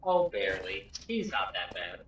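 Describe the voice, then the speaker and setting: A man's voice: sits high, very animated, normal speed, vocal fry, fairly bright tone. A man making laid-back, offhand remarks on a gaming livestream. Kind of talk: casual chat. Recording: echoey, distant, noisy audio.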